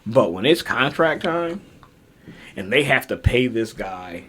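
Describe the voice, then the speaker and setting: A man's voice: mid-range voice, very animated, unhurried, fairly bright tone, slightly rough. A man co-hosting a podcast, talking in a laid-back, slangy casual chat. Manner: laid-back, slangy, says "bro" a lot. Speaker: podcast co-host.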